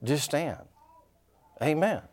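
A man's voice: on the high side, takes it slowly. A man preaching a sermon. He calls out to the congregation, repeats his lines for effect and drops in folksy, joking asides. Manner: animated preaching with call-and-response and repeated phrases. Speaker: pastor.

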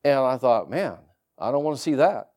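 A male pastor preaching a sermon, reading scripture aloud and rising into loud, fervent preaching. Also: medium pitch, expressive, moderate pace.

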